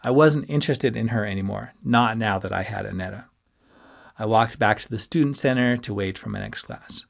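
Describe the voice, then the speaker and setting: A man reading his own novel as an audiobook, in a measured, even storytelling voice. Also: on the low side, gravelly. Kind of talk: audiobook narration.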